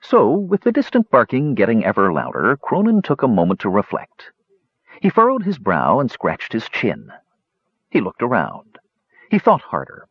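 A man giving expressive scripted narration of a fantasy audiobook in a dull lo-fi recording. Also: medium pitch, normal speed, husky, no room sound. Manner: expressive, does character voices.

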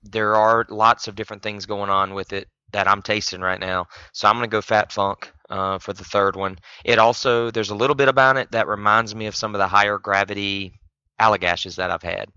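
A man's voice: fairly low pitch, fairly even intonation, a little fast, sharp tone, clean tone, no room sound, highs cut off. A man co-hosting a casual beer-tasting podcast, joking and laughing easily. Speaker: podcast co-host.

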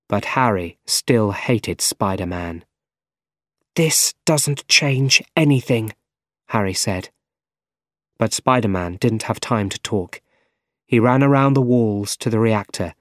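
Male learner-audiobook narrator; slow, clear, mid-pitched, bone-dry booth sound. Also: dry recording. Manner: slow, even and carefully clear. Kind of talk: scripted narration for language learners.

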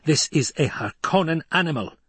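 A man voicing a scarred, vengeful male warrior who rasps and hisses his pleas. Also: fairly high pitch, lively intonation, normal speed, fairly bright tone, no echo, pitched above the performer's own voice, exaggerated voice. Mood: bitter pleading. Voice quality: raspy. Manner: hissing, pleading.

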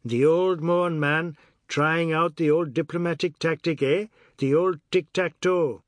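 A man's voice: a little high, fairly even intonation, unhurried, dry recording, voice pushed up, close to an everyday voice. An actor playing a brash, melodramatic man who talks in clipped island dialect and swings from teasing to bawling. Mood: breezy teasing. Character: brash loud middle-aged man, boastful then maudlin.

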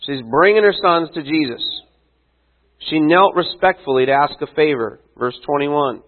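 A man's voice: a little high, normal speed. A man preaching a sermon in a casual, conversational way, full of asides and rhetorical questions. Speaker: pastor. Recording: tinny phone-like sound.

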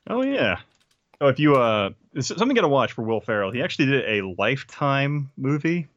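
A man's voice: medium pitch, very animated, fairly quick, a bit bright, no room sound. A man guesting on a podcast, chatting casually in a laid-back, rambling way and laughing often. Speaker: podcast guest, history video creator. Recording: dull lo-fi mic.

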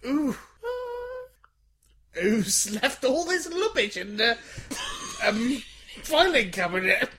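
A fussy very old woman grumbles in a high, wavering falsetto, as a man puts her on for a comedy podcast. The voice jumps well above his own and swoops around, over a faint hiss. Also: animated, slow, pauses often, bright, forceful tone, exaggerated voice.

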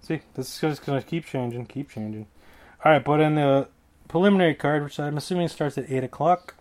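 A man's voice: a little high, brisk, a little mellow. Rambling, jokey male podcast host. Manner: rambling, jokey, self-correcting. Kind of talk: casual solo fight predictions.

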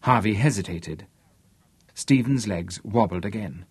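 Husky-voiced male audiobook narrator. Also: fairly low pitch, measured pace, no echo. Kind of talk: scripted narration.

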